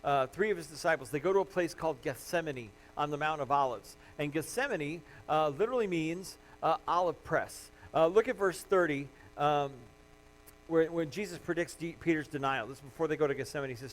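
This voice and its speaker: A man preaching a sermon as pastor, reading scripture aloud and rising to loud, emphatic passages. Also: a little high, a little fast, a little hiss or hum, low-quality recording. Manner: frequent fillers and restarts, reading scripture aloud.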